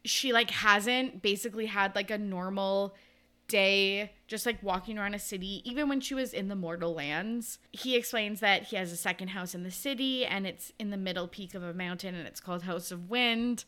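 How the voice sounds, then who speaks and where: A young woman co-hosting a podcast, recapping a novel in casual, animated chat full of "like" and the odd swear word. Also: mid-range voice, normal speed, clean tone. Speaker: podcast co-host.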